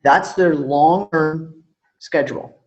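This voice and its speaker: A man's voice: on the high side, slow pace, a little mellow. A man co-hosting a live online talk show, casual and loose, trailing off mid-thought and swearing freely. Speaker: podcast co-host. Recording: dull lo-fi call audio.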